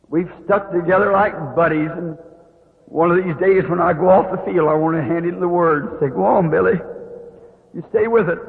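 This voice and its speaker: A man preaching an emotional testimony, pleading and rising to high cries. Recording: tinny old lo-fi recording in a reverberant hall.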